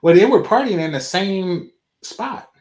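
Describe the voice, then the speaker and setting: A man's voice: sits high, lively intonation, unhurried, darkish tone. Rambling man in a roomy echo. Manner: loose, rambling, many fillers. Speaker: co-host. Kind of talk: casual reaction chat.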